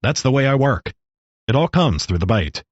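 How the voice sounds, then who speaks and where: A man's voice: medium pitch, moderate pace, no echo, highs cut off, voice pushed up. A man voicing a wry old talking rattlesnake. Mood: wry calm. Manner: calm, explaining, dry jokes. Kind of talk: storybook reading.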